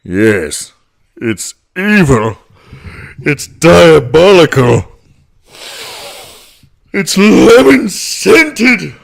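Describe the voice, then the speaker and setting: A man voicing a tiny, scheming evil male cartoon plankton with a slow, grandiose villain delivery. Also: fairly high pitch, big pitch swings, creaky, voice pushed up, exaggerated voice.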